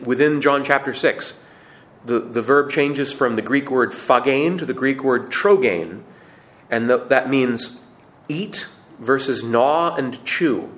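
A man's voice: mid-range voice, a bit bright. A man giving a conversational teaching talk to a live audience, asking questions and building to emphatic, raised passages. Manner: frequent restarts and repetitions. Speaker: Catholic teacher or speaker.

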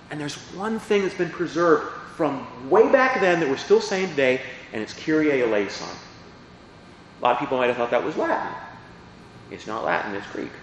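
A man's voice: fairly high pitch, very echoey, big-room sound, a little hiss or hum, poor audio. A man who is a priest, explaining parts of the Mass in a chatty teaching talk and often asking his listeners questions. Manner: chatty, asks the audience questions.

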